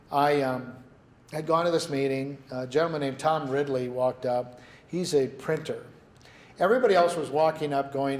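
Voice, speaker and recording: A man giving a business workshop talk to a live audience, telling lively stories and asking the room questions. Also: fairly high pitch. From New Mexico. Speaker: workshop presenter. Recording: echoey meeting room.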